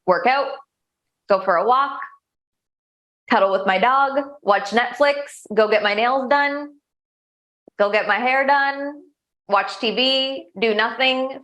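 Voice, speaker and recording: A woman's voice: fairly high pitch, a bit bright. A young woman coach answering interview questions in a chatty, upbeat way, full of restarts and filler words. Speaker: coach and show host.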